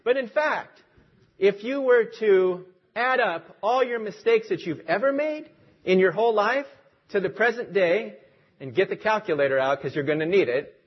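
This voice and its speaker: A man's voice: sits high, lively intonation, moderate pace, breathy edge, lo-fi sound. A man preaching a sermon as pastor, leading a prayer and telling stories in an earnest, lightly humorous way.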